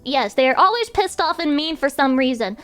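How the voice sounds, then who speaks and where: A woman's voice: sits high, expressive, brisk, fairly bright tone, soft background music. A woman streamer chatting casually with her viewers in a profane, rambling rant.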